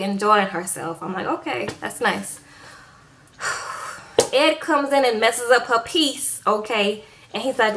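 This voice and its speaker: Woman, sassy chatty recap, slightly high voice, playful asides, acts out quotes softly. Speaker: reality TV recap vlogger. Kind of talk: casual recap commentary.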